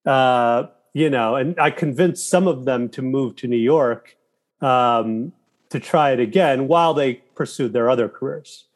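A man's voice: mid-range voice, a little slow. Man telling stories in a casual interview. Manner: animated storytelling with profanity and quoted inner thoughts. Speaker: guest, filmmaker and actor.

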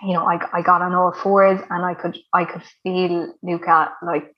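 A woman's voice: on the low side, level tone, moderate pace. A woman, telling her birth story in a chatty way full of fillers. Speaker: guest sharing a birth story. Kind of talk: casual storytelling. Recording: dull lo-fi recording.

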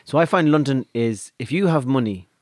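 A man's voice: mid-range voice, animated, moderate pace, a little mellow, no echo, studio quality. A man with an Irish accent chatting casually, rambling and restarting as he tells stories. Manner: rambling storyteller, stammers and restarts, swears. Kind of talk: casual chat.

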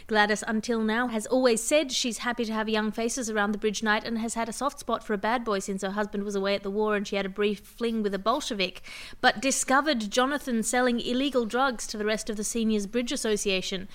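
Woman doing silly fake news in a straight newsreader voice, kinda high. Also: fairly even intonation, a little fast. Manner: mock-serious newsreader delivery. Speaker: podcast host reading comic news. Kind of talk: deadpan comic news reading.

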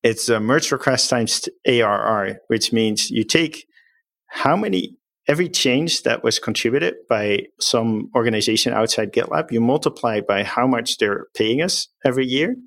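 A man's voice: mid-range voice, moderate pace, fairly bright tone, no room sound. A man, a company executive, explaining his firm's ways of working in an upbeat, plain-spoken way as an interview guest.

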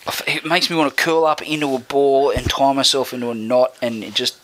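A man's voice: medium pitch, fairly even intonation, brisk, fairly bright tone, poor audio. A man with an Australian accent in a casual sports chat, blunt and heated, often stammering as he restarts his sentences.

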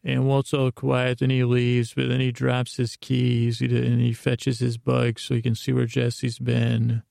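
A man's voice: medium pitch, monotone, unhurried, creaky, a little mellow, no echo, studio quality. A man hosting a podcast, retelling a story in a meandering, drowsy way, full of fillers and restarts. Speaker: podcast host. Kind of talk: rambling bedtime retelling.

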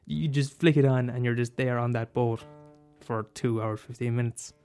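A man rambles about films in a casual, animated way, swearing often and leaping up in pitch when he gets worked up. His voice sits at a middling pitch. Faint guitar music plays behind him. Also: normal speed, clean tone. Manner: animated, swears freely, bursts into high exclaims. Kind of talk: casual film chat.

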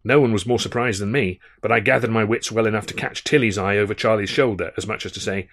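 A man's voice: lowish voice, fast talker, few pauses, a bit bright. A man reading his own novel aloud in a wry, understated storytelling manner. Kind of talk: audiobook narration.

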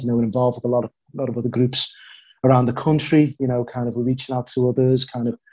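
A Scouse-accented man in his forties from Liverpool, England, chats casually as a podcast guest, self-deprecating and full of fillers. His voice is medium-pitched, mellow and husky.

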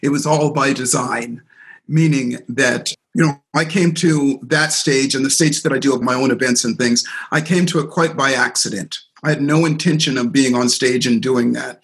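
A middle-aged man, a seminar speaker and coach, telling an animated story as a guest in a podcast interview. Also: medium pitch, normal speed. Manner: animated storyteller, acts out quoted voices.

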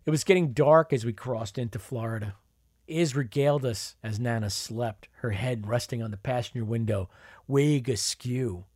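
A man's voice: medium pitch, moderate pace, darkish tone, no room sound, clean studio sound. A man narrating a memoir in a wry, conversational storytelling manner. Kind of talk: memoir reading.

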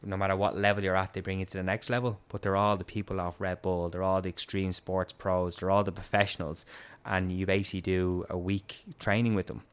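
A young man with an Irish accent chats about a mishap, his slightly low voice smooth and clear. He tells it with animated energy, swearing and breaking into laughs as he goes. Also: fairly quick. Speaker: guest telling a story. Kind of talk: casual chat.

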